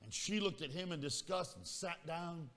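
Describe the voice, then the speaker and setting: A man preaching a storytelling sermon with a bright, forceful voice pitched a little high. He speaks in a folksy way and teases his listeners. Long hall reverb trails his words. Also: animated, normal speed. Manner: folksy, teasing the congregation. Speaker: pastor.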